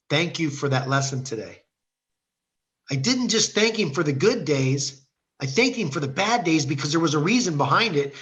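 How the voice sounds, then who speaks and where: A middle-aged man from Ohio shares his faith testimony as a guest. He speaks in a somewhat high voice over a video call. His telling is earnest, and he slips into the voices of the people in his story. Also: fairly bright tone. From Ohio, USA. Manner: earnest storyteller who acts out quoted dialogue.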